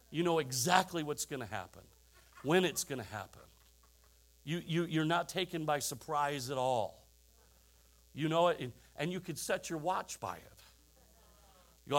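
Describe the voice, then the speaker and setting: Animated high-voiced male preacher. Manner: animated storytelling, chuckling asides, rhetorical questions to the congregation. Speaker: pastor. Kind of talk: sermon.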